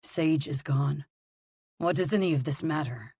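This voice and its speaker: A woman voicing a cold, sardonic young male villain who talks flatly and without feeling. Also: a little high, unhurried, slightly rough, no echo, exaggerated voice. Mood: deadpan. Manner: flat, deadpan, numb.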